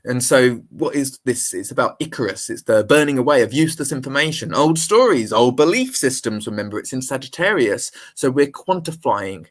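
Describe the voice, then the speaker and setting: A man's voice: mid-range voice, expressive, normal speed, hardly any pauses. A man, an astrologer, talking through a chart shown on screen in an unscripted astrology forecast. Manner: explains a chart on screen, fillers and restarts.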